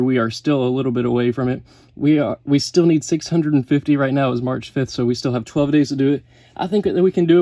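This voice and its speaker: Guy vlogging fast about brackets, kinda out of breath, mellow voice, dry sound. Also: medium pitch, no room sound. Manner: rattles off lists quickly, corrects himself mid-sentence. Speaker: sports YouTuber. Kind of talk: casual bracket breakdown vlog.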